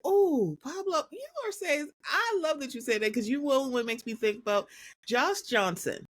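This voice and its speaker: A woman hosting a casual podcast, telling stories in an animated, sassy way. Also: sits high, moderate pace, no echo, clean studio sound. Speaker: podcast host.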